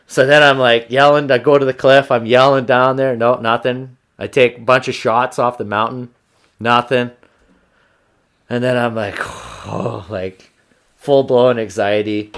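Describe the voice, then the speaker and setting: A man hosting a podcast, telling a hunting story in a casual, animated, profane way. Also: medium pitch, clean tone. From Canada. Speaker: podcast host.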